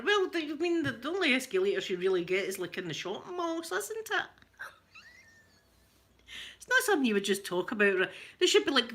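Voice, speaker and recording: Glaswegian woman, 40s, live-stream host; bright, chatty, jokey. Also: high-pitched, big pitch swings, moderate pace. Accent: Glaswegian Scottish. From Scotland. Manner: chatty and joking, with bursts of laughter. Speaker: livestream host chatting with viewers. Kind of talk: casual live-stream chat.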